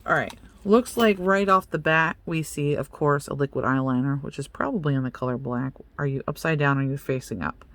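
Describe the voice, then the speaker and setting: A young adult vlogger unboxing beauty products in a loose, chatty way. The voice sits at a middling pitch, and the talk is playful and self-mocking. Now and then they address the items directly. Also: brisk, hardly any pauses, a bit bright, no room sound. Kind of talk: casual unboxing chat.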